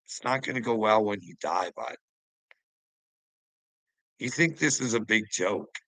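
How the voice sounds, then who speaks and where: A man's voice: lowish voice, a little slow, bright, forceful tone, no echo, low-quality recording. A man delivering a profane, confrontational vlog rant, taunting the people he addresses. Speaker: online commentator. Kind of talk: ranting vlog monologue.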